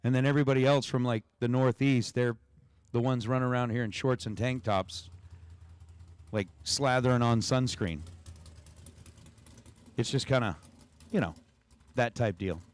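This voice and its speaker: A man's voice: mid-range voice, normal speed, long pauses, smooth. A man announcing drag races on a livestream, calling numbers and chatting with viewers between runs. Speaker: race announcer. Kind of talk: livestream race commentary with chat.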